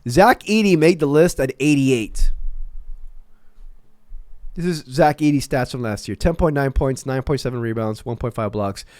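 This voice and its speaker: A man's voice: mid-range voice, normal speed, darkish tone, dry recording, clean studio sound. A man giving casual, rambling commentary as a basketball fan, with stammering restarts and profane asides.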